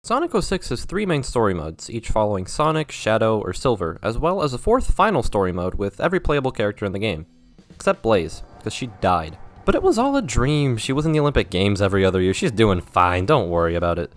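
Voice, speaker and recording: A man's voice: on the low side, sing-song, fairly quick. A young man narrating a scripted video essay about a game, sarcastic and self-mocking, with wry asides.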